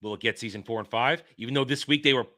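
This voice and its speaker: A man hosting a casual commentary podcast, talking in an animated, sarcastic way and mocking what others say. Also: mid-range voice, racing. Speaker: podcast host.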